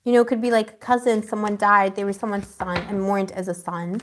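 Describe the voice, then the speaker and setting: A woman's voice: medium pitch, little pitch movement, brisk, slight background noise. A woman giving a live tarot reading to her viewers, chatty, emotional and slangy as she talks through the cards. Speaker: tarot reader.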